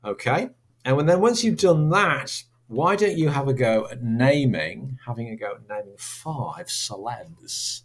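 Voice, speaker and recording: A man's voice: mid-range voice, animated, measured pace, husky. A man teaching a recorded slideshow lesson in a chatty, informal way, drawing out example sounds.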